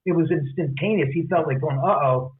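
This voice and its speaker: An animated man tells stories in a casual interview, slipping into the voices of others as he goes. His voice sits a little high. It comes through a thin, phone-like line. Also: moderate pace. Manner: animated, acts out quotes. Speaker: guest, author and homeowner.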